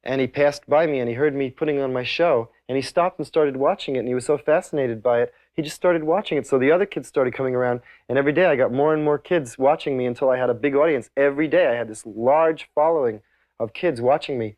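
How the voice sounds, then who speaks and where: A man comedian recalls his early career in a relaxed, conversational way. He halts often and restarts his sentences, with soft fillers. His voice sits at a middle pitch and sounds dry, with no room around it. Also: quick pace, no echo. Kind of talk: casual reminiscence.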